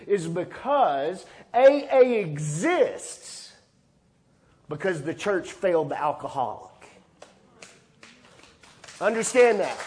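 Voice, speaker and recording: A man's voice: very animated, takes it slowly, long pauses. Dramatic, swinging preacher man. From Texas, USA. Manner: dramatic swings from loud and high to quiet and low, acting out dialogue. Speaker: pastor. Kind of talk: sermon.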